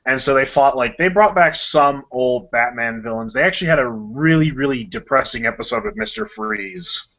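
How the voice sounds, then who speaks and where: A man co-hosting a casual podcast chat, talking with enthusiasm and acting out scenes in quick voices. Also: mid-range voice, lively intonation, bright, forceful tone. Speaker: podcast co-host. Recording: dull lo-fi podcast audio.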